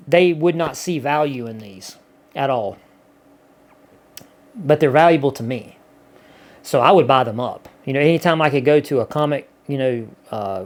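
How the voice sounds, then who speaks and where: A man's voice: mid-range voice, a little mellow. A man chatting casually to camera in a folksy, rambling way, full of "you know" and restarts. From Gulf Coast of the US. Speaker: vlogger.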